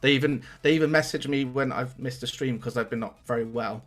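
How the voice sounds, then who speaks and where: A man's voice: medium pitch, fairly quick. A young man, chatting casually as a guest on a streaming podcast and swearing now and then.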